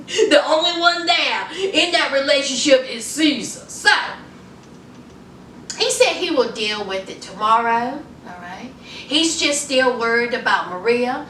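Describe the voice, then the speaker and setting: A sassy woman recaps a reality show with laughter, her voice high and bright. She takes her time, and she sounds a little off-mic in an echoey room with faint ambient noise. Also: takes it slowly, distant mic. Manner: sassy, laughing, animated storytelling. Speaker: reality TV reviewer. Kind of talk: casual recap commentary.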